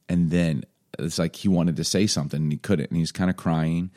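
A father co-hosting a casual podcast chat tells loose, rambling stories, leaning heavily on "like" and other fillers. His voice is low, warm and steady, and he talks briskly.

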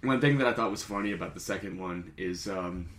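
A man's voice: sits low, brisk, fairly bright tone. A man co-hosting a podcast, chatting casually and animatedly, often laughing and breaking into impressions. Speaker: podcast co-host. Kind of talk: casual chat.

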